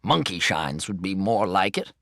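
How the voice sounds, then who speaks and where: A man puts on a kindly old grandfather, gruff and gently mocking, with a deep voice that swings up and down a lot. He chuckles at the boy's schemes. The audiobook sound is dry and close. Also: big pitch swings, moderate pace, dry recording, heavily acted. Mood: amused. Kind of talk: audiobook reading.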